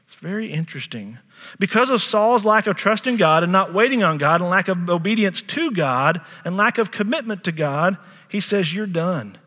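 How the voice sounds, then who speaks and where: A middle-aged man preaches to his congregation in a relaxed, chatty way, stopping to ask them questions. His voice sits a little high, and a long reverb from the church sanctuary trails after his words. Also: moderate pace. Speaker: pastor. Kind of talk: sermon.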